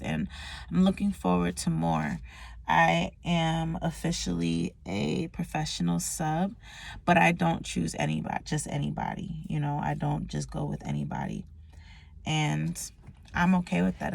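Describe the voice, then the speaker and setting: A woman's voice: deep voice, gravelly, no echo. A young woman talking candidly and emotionally in a personal vlog, swearing freely and using slang. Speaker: vlogger.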